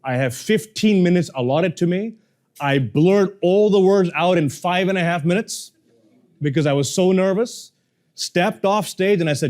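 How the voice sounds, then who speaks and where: Animated storytelling man, lively pitch. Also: normal speed. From moved to Canada as a young adult. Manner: animated, quotes people in shifting voices. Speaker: speaking coach. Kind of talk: storytelling talk to a live audience.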